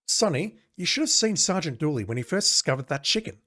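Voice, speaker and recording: Man doing a gossipy police officer, chatty, high voice, bouncy pitch, old adventure game. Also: big pitch swings, fairly quick, bright, forceful tone, full character voice.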